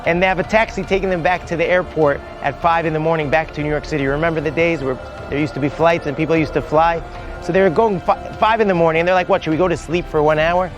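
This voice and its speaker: A man's voice: fairly high pitch, fairly even intonation, fast, highs cut off, over music. A man, a rabbi, telling a heartfelt story on location outdoors at a holy site. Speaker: rabbi and guide.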